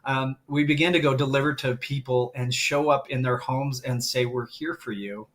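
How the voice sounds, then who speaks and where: Middle-aged man, guest on a live stream, heartfelt emotional storytelling, warm open delivery. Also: mid-range voice, flat delivery, normal speed, a little hiss or hum. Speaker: guest, grief coach.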